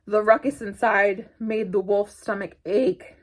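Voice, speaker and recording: A woman's voice: mid-range voice, a little slow, hardly any pauses. A woman librarian reading picture books to children in a virtual storytime and asking them questions. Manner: animated, asks children questions.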